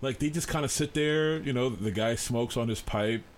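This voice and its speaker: A man co-hosting a podcast in casual fan chat, an eager lore buff who stammers when excited. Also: medium pitch, moderate pace. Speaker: podcast co-host.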